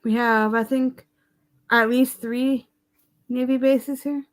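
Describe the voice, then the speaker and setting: A woman chatting casually on a livestream and telling a story in an animated, exasperated way. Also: a little high, slow pace. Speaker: live streamer.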